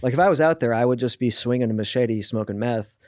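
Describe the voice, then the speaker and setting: A man speaking in a blunt, animated way, piling up fillers and quick restarts as he tells his stories. His voice sits at an ordinary middle pitch. The sound is dry and close, with no room echo. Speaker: guest, author. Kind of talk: casual podcast conversation.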